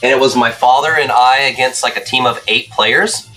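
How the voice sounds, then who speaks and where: Young guy streaming, rambly excitable storyteller, bright voice, faint music behind. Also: medium pitch, normal speed. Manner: rambling storyteller, keeps checking in with "right?"; excitable, swears. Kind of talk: casual gameplay chat.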